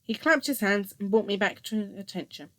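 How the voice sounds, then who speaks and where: A woman narrating a first-person story in a steady, scripted reading voice. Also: mid-range voice, moderate pace, no room sound.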